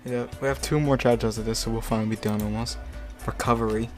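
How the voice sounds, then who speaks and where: A young man hams his way through a cringy fan fiction, reading it with mock drama and stopping to swear and joke about it. His voice sits at an ordinary middle pitch, and faint music runs underneath. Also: steady tone, fast talker, a little mellow. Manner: mock-dramatic reading broken by crude, joking asides. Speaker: host reading fanfic aloud. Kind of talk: comedic dramatic reading with commentary.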